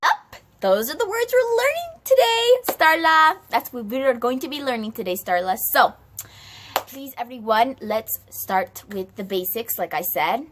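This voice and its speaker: A woman's voice: sits high, big pitch swings, unhurried, fairly bright tone, slight background noise, pitched above the performer's own voice, exaggerated voice. A woman playing a bossy female Spanish teacher in a comedy skit, giving instructions to the class. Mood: instructive.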